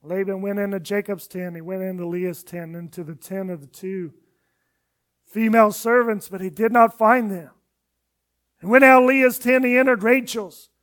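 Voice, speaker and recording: Pastor type, high male voice, sermon delivery that acts out the scripture voices and fades at the ends of lines. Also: steady tone, normal speed. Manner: retells scripture with dramatic voices, dropping to a quiet, low finish. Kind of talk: expository sermon.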